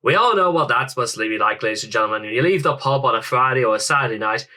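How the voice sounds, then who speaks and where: A young man hosting a reaction video talks very fast in a medium-pitched, animated, sharp voice. Though he's from England, he puts on a thick Irish accent and rambles theatrically through casual commentary.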